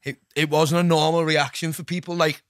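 A man's voice: on the high side, flat delivery, brisk, no room sound, clean studio sound. A young man with a Liverpool Scouse accent, a podcast guest rambling in sweary casual chat, full of "lad" and "you know what I mean". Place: podcast studio.

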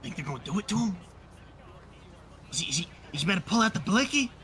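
A man with a very high, sharp, bright voice chats excitedly and wonders aloud in a game role-play. He talks fast, and faint noise sits under him.

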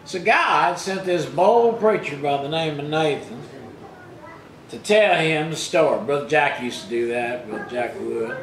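Pastor preaching, echoey room. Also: male voice, fairly high pitch, lively intonation, measured pace, slight background noise. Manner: retells scripture in plain colloquial speech, rising loud for quoted rebukes. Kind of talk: sermon.

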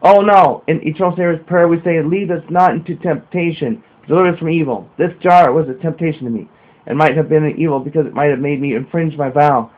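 A man's voice: a little high, quick pace, natural voice. A man voicing a devout young boy who speaks eagerly and pleadingly. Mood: earnest. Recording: narrow phone-like sound.

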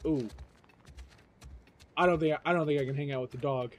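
A streamer giving live gameplay commentary, joking, excitable and swearing freely. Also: mid-range voice, normal speed, slight background noise.

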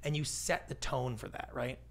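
A middle-aged man talking casually as a podcast guest, animated and acting out what other people say. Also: mid-range voice, moderate pace, gravelly. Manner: animated, acts out quoted voices. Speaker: guest, pitch expert. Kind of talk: podcast interview.

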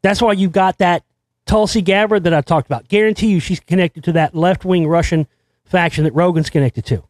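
A man hosting his own show, delivering a rambling, excitable monologue full of restarts and swearing. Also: high voice, a little fast, no echo. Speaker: show host. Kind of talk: conspiracy commentary monologue.

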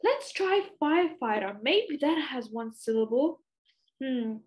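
A young Australian woman talks to small children in a high, lilting voice that rises and falls a great deal. She draws each phrase out slowly and warmly, like a preschool teacher. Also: expressive, noisy background. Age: young adult. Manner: slow, sing-song, exaggerated for young children. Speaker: speech clinic presenter. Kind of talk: children's educational lesson.

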